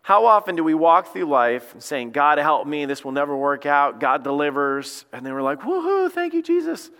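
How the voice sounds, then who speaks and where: The man preaching here is a lead pastor whose voice sits on the high side, bright, forceful and clean, at a normal speed. He speaks conversationally while acting out quotes. The sermon echoes with the long reverb of a church sanctuary.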